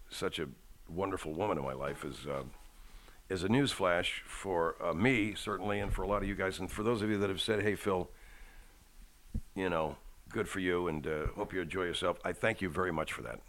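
Deep-voiced man chatting casually. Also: normal speed, fairly bright tone. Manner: rambling, profane, self-deprecating humor. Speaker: podcast host. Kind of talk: casual chat. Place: home.

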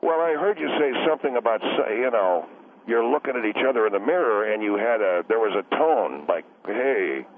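A man calling in to a radio show, rambling and quick to take offense. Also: mid-range voice, expressive. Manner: rambling, touchy and defensive. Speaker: caller. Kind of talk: call-in radio chat. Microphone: telephone. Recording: tinny phone line, faint hiss.

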